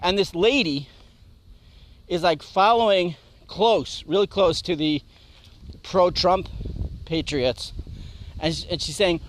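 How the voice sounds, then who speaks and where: A man co-hosting a political talk radio show, talking in a measured way and often chiming in with short agreements. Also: high voice, slight background noise.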